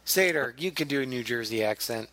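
A man's voice: mid-range voice, lively intonation, a little fast, bright, forceful tone, slight background noise. A man hosting a casual comedy podcast, joking and laughing often and stammering as he starts sentences. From US Midwest. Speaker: podcast host.

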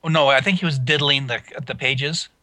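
A man's voice: mid-range voice, fairly quick, pushed and bright. A man on a casual podcast who hesitates and searches for his words. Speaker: podcast co-host.

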